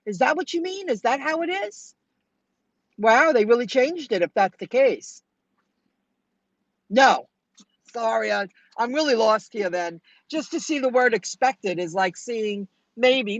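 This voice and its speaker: A middle-aged woman sits in her car and thinks out loud to her viewers, rambling from one gripe to the next. Her voice comes through dull and muffled, with a dry, close sound and no room echo. She keeps it loose and conversational throughout. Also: fairly high pitch, animated, normal speed. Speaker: delivery driver vlogger. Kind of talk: casual vlog, talking to live chat. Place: inside a car.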